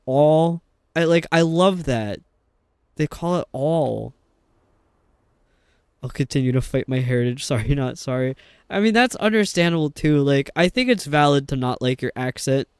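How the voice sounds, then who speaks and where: A man's voice: a little high, lively intonation, brisk, smooth, no echo. A young adult man streaming a game, chatting in a rambling, casual way with lots of fillers. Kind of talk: casual chat while playing a game.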